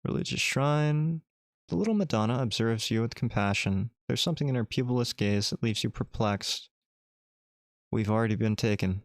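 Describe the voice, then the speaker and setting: Male streamer narrating a text adventure with playful asides; gravelly, dry. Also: medium pitch, moderate pace, no echo. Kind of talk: reading a text adventure game aloud.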